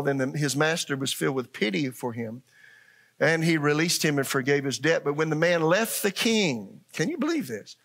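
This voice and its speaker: A middle-aged pastor preaching a sermon, animated, acting out voices and asking the congregation questions. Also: male voice, on the high side, normal speed.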